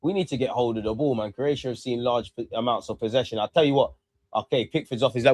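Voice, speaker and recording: A young man giving excitable live commentary on a match, calling out to players and the referee and swearing. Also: medium pitch, brisk, no echo. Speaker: football fan streamer.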